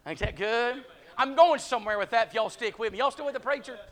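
A man preaching a sermon, calling out to the congregation and climbing to shouted peaks, short of breath at times. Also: extremely high pitch, fast. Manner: call-and-response, rising to shouting peaks.

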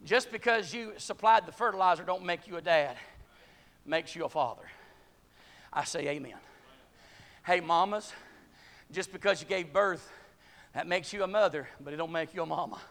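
Male preacher, high-pitched, fervent, shouting in bursts, church sermon. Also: moderate pace, pauses often.

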